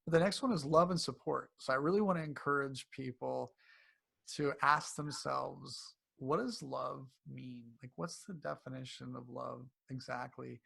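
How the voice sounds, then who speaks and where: A man being interviewed as a health coach, speaking casually and acting out quotes in animated voices. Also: mid-range voice, moderate pace, creaky, husky. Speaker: cancer coach guest.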